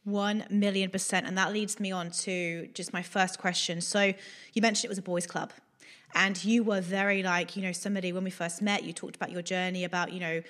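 Woman host, kinda low voice, asks long rambly excited questions. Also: a little fast. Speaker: interviewer. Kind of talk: casual interview chat.

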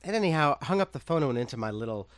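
A man, a fashion designer, telling lively stories in a casual interview and acting out other people's voices. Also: on the high side, very fast, no echo. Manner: animated, acts out quoted voices, laughs often.

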